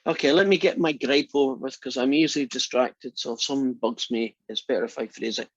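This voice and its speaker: A man's voice: medium pitch, a little fast, no echo. A man teaching a math class in a chatty, teasing way, often asking the students questions. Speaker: math instructor. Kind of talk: classroom lecture. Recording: dull lo-fi lecture recording.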